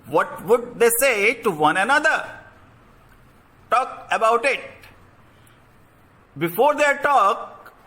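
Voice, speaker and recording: A man reading a textbook lesson aloud to children as their teacher, slowly explaining and repeating words. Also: extremely high pitch, expressive, pushed and bright.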